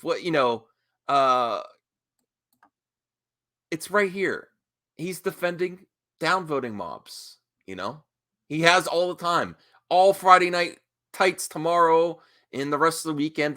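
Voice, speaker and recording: A man rants through a reaction commentary, combative and mocking as he talks back at the clip. His voice is bright and forceful, pitched a little high, and it pushes hard on every point.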